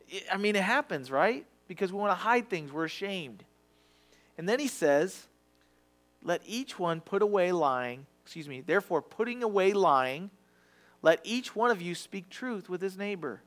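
A man's voice: high voice, fairly bright tone. A man preaching a sermon in a conversational, confessional way, acting out quoted voices. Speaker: pastor.

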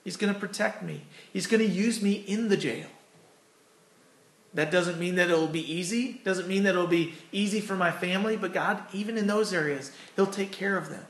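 Gravelly-voiced man preaching in an echoey room. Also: high voice, normal speed, fairly bright tone. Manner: earnest, conversational preaching with personal stories. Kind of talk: sermon and closing prayer.

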